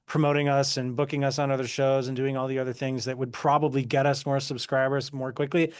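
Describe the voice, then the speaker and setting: A man's voice: mid-range voice, level tone, fast, clear, resonant tone. A man co-hosting a true crime podcast, chatting casually and joking as he reacts to viewer comments. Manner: easygoing, joking, laughs often. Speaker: podcast co-host.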